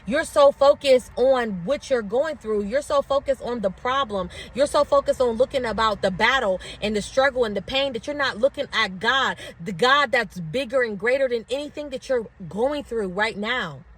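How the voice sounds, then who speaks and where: A woman's voice: a little high, normal speed, hardly any pauses, a bit bright, breathy edge. A woman leading a casual motivational faith talk. She talks conversationally, often says "like" and "right?", and builds to repeated preaching phrases. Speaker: faith ministry speaker.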